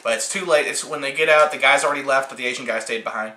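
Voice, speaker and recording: A man's voice: medium pitch, racing, pushed and bright. A man hosting a casual movie review chat, rambling and firing off rhetorical questions. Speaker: host. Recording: echoey room.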